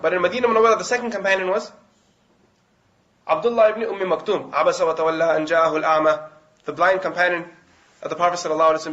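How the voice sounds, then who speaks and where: A man giving a religious history lecture, telling stories quickly, restarting words and chanting short Arabic phrases. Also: sits high, a bit bright, highs cut off. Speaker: Islamic lecturer.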